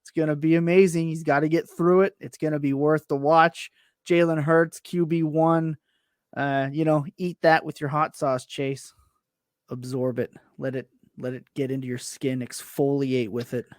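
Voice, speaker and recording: A man's voice: a little high, flat delivery, normal speed, no echo, studio quality. A man co-hosting a casual sports podcast, rambling and correcting himself with enthusiasm. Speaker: podcast co-host.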